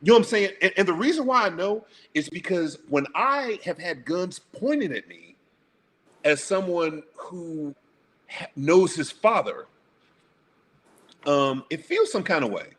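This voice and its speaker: A man's voice: high-pitched, big pitch swings, unhurried, a bit bright. A blunt, profane man speaking emphatically as a guest on a casual panel talk show.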